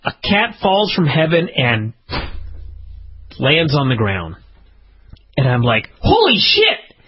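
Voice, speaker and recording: A man co-hosting a podcast, telling a casual, profane story and jumping into high-pitched outbursts. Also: big pitch swings, slow pace, slight background noise. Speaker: podcast co-host. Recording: dull lo-fi podcast audio.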